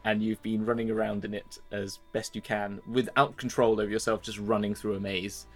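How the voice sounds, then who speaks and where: A man narrating a tabletop game as game master, relaxed and quick to laugh. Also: on the low side, soft background music.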